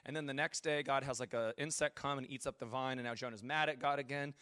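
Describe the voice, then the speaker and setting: A man's voice: mid-range voice, fairly even intonation, fast, pushed and bright, smooth, dry recording, clean studio sound. A male pastor giving a casual, joking sermon and asking his audience questions. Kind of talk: conversational sermon.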